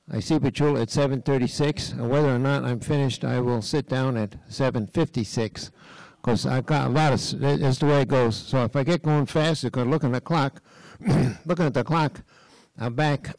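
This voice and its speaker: Folksy older man with a high voice. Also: no room sound, rough recording. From Western Massachusetts, USA. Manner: folksy and animated, frequent throat clearing. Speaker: speaker at a design college talk. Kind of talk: storytelling talk. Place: lecture stage.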